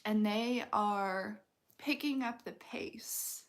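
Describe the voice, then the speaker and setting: Woman, young adult, intuitive reader, casual reading, slow unhurried pace, rambling with fillers, mid pitch. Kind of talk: casual spoken tarot-style reading.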